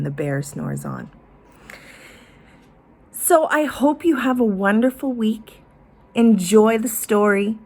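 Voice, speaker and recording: Expressive woman reading a picture book. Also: mid-range voice, vocal fry. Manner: expressive, invites children to join in. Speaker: teacher.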